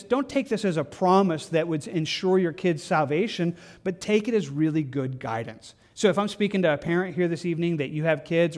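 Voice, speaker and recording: Brief: male pastor, fairly high voice, earnest and pastoral, sermon delivery with frequent restarts. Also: darkish tone. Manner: earnest, pastoral, repeats words and restarts phrases.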